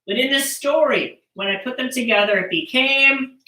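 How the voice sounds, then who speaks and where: A playful woman talks to children through a computer as she teaches about storytelling with percussion. Her voice is bright and fairly high, and she jokes around with the kids. The sound is roomy, with the mic some distance away. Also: normal speed. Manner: playful, jokey, talking to kids. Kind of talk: live-streamed teaching for children.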